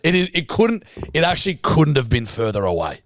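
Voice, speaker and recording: A man's voice: on the high side, fairly quick, no echo, studio quality. A young Australian man co-hosting a podcast, telling a story casually, swearing a lot and acting out the dialogue. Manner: swears freely, animated anecdote with quoted dialogue. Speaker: podcast co-host.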